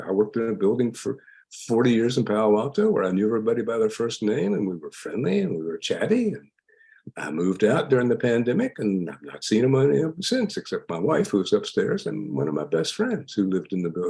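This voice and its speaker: An older man, a psychologist, explaining ideas in an emphatic lecture style with a gravelly voice. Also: medium pitch. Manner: lively, emphatic, laughs while explaining. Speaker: psychologist guest. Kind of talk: lecture-style interview answers.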